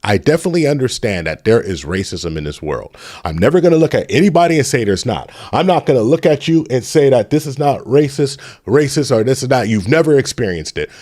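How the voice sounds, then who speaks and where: A middle-aged man hosting a livestream, ranting heatedly and preachily with many restarts, then talking quietly to his chat. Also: medium pitch, big pitch swings, a little fast. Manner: drops to soft, pleading tone addressing chat. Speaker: channel host. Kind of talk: livestream commentary.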